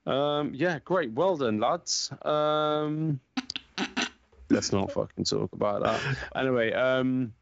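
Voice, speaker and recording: A young man co-hosting a casual football podcast, swearing freely and telling animated stories full of banter. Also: mid-range voice, slow, creaky, clear, resonant tone, no room sound, dull audio. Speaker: podcast co-host.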